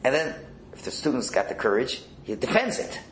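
A man teaching a Torah class in a conversational, animated way, sometimes dropping to a near-whisper. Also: medium pitch, brisk. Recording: echoey room with faint background noise.

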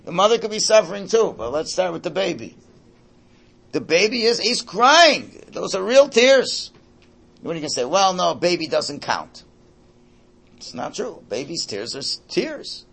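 Brief: older male religious teacher, husky, slightly high-pitched, keeps asking the class questions. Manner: animated, keeps checking in with listeners. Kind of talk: lecture to a class.

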